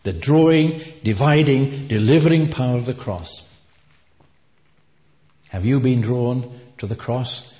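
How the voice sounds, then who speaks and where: A man's voice: mid-range voice, unhurried, long pauses, mellow. A man preaching a sermon, earnest and emphatic, lifting his voice on key words. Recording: dull, echoey hall recording.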